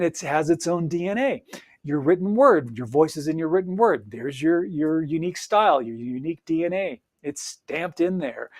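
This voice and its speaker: Earnest, slightly high-voiced male coach. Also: a little mellow. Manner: earnest, encouraging, emphatic with frequent fillers. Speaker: podcast host and audiobook coach. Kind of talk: solo podcast coaching monologue.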